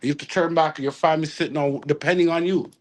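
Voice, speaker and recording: A man's voice: a little high, fairly even intonation, very fast. A man, a reggae artist talking casually in an interview, rambling with restarts and slang.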